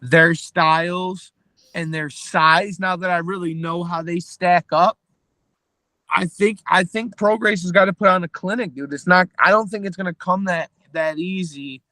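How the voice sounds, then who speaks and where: High-voiced man breaking down a fight. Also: steady tone, unhurried, bright, forceful tone, no echo. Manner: analytical, hesitant restarts. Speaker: podcast co-host. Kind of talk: casual boxing chat.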